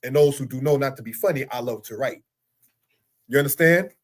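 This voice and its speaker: A man's voice: medium pitch, fairly quick. A middle-aged man teaching a religious lesson in an earnest, repetitive way, full of rhetorical questions. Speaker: Torah teacher. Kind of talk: spoken teaching monologue.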